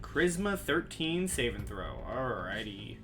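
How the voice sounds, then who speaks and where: A man running a tabletop game as game master, narrating monster moves and rolls in a measured, pausing way. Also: mid-range voice, sing-song, music in the background.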